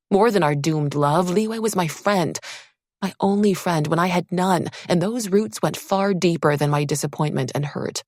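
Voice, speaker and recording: A woman narrating a first-person fantasy audiobook in a measured, expressive storytelling manner. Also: sits low, gravelly, no room sound, studio quality.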